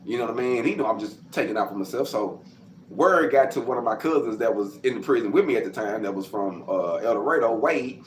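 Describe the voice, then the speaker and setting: A man from Arkansas, casually telling his life story to camera, acting out quotes and sound effects and getting loud as he goes. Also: mid-range voice, lively intonation, fairly quick. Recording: roomy with faint background noise.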